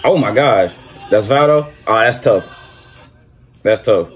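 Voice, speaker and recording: A man doing excited reaction commentary over a basketball video, repeating himself and talking in slang. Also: lowish voice, slow pace. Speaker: reaction streamer.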